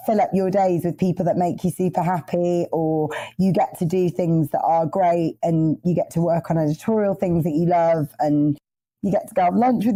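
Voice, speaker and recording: A woman in her thirties, a podcast guest telling stories in an animated, rambling way. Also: lowish voice, no echo, poor audio. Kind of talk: casual interview chat.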